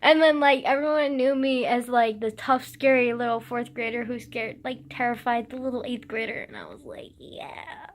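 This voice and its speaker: A woman's voice: fairly high pitch, fairly even intonation, normal speed, few pauses. A woman vlogging, telling stories in a rambling, giggly way, full of "like" and fillers. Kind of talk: casual storytelling to camera.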